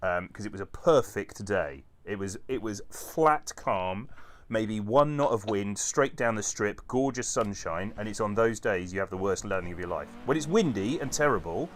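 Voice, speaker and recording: A man, an airline pilot, chatting casually and telling animated, sweary stories during a stream. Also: lowish voice, normal speed. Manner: animated storyteller, swears freely. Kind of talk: casual chat over a stream.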